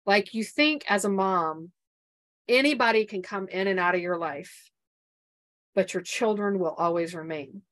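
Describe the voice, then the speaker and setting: A middle-aged woman, a podcast guest who coaches mothers, telling a painful personal story in an interview, earnest and halting with many restarts. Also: medium pitch, a bit bright.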